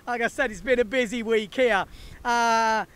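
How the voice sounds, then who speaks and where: A man's voice: extremely high pitch, fairly even intonation, normal speed, fairly bright tone, smooth. A man hosting a windsurfing video, chatting casually and enthusiastically to the camera in slangy talk.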